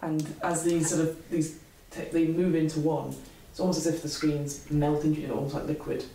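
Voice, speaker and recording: A woman running a tabletop game, describing scenes in a halting way with many fillers, in an echoey room far from the mic. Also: low-pitched, level tone, vocal fry, mellow, a little hiss or hum. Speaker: game master.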